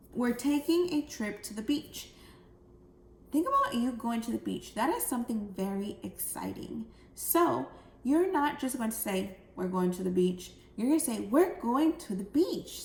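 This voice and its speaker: A woman teacher walks young children through a recorded phonics lesson, explaining each step clearly. She speaks slowly in a slightly high, gravelly voice. The room sounds echoey, with a faint hiss behind her. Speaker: second grade teacher.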